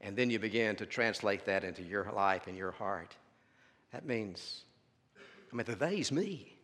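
A man preaching a sermon, dropping to near-whispers and then rising to loud, drawn-out emphasis, with stammered repeats. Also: lowish voice, lively intonation. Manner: swings between soft hushed lines and loud emphatic stresses, stammering repeats. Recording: long hall reverb.

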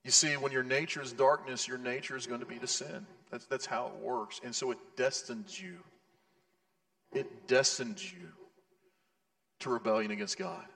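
Gravelly-voiced pastor preaching in a reverberant hall. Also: male voice, mid-range voice, moderate pace, fairly bright tone. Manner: earnest, conversational preaching with asides. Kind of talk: sermon.

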